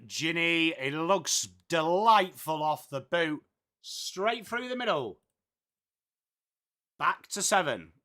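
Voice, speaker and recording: A man with an English accent hosts a live football watchalong, calling the play in loose, chatty commentary. His voice sits high and sounds bright. He swears now and then and answers his viewers' comments. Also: lively intonation, slow pace, pauses often. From England.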